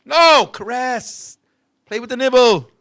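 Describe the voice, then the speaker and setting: A man in his fifties, hosting a talk show, who tells a crude comic story in a loud, animated way and laughs between lines. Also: very high-pitched, takes it slowly. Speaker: host.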